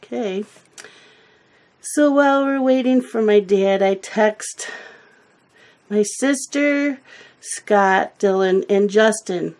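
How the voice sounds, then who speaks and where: A woman's voice: mid-range voice, takes it slowly, long pauses, darkish tone. A woman telling a rambling family story in casual chat while she colors, sometimes losing her words. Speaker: coloring video host.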